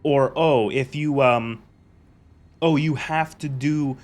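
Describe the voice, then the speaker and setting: A man's voice: mid-range voice, slow, a little mellow. A man streaming a game, ranting casually with lots of swearing and rambling restarts. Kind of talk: casual live gameplay commentary.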